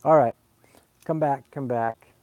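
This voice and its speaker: A slightly tipsy Swedish man, a spiritual vlogger, sits outdoors under a fruit tree in a garden, delivering a meandering, confessional monologue that drifts from story to story. His mid-range voice is slow, with no echo and lo-fi sound.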